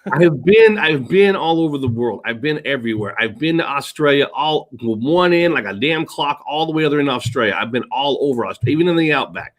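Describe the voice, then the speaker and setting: A man's voice: mid-range voice, animated, a little fast, hardly any pauses. A middle-aged man chatting casually as a podcast co-host, rambling and swearing, often laughing. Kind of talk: casual chat.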